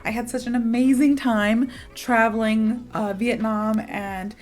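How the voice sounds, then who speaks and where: Chatty young woman teaching english, bit high pitched, soft music in the background. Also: flat delivery, measured pace. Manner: chatty, upbeat, with playful asides. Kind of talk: casual online English lesson.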